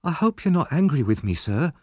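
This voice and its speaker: A man's voice: on the high side, wildly swooping pitch, moderate pace, dry recording, clean studio sound, voice pushed up. A man doing a timid, frightened orphan boy. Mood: anxious. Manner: anxious, timid questioning.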